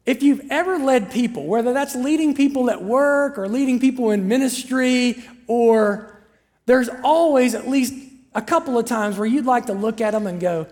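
A pastor preaching in a relaxed, conversational way, telling stories and checking in with the listeners as they go. The voice sits at a middle pitch, and a long reverb hangs on every phrase from the large hall. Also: a little slow. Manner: conversational, storytelling preaching with asides to the audience. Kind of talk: sermon.

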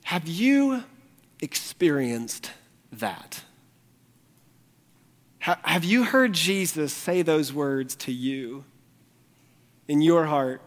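A man's voice: on the high side, expressive, very slow, pauses often. A male pastor preaching a morning sermon, speaking earnestly and pleading directly with his congregation. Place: church sanctuary during a morning service. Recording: long reverb of a large hall.

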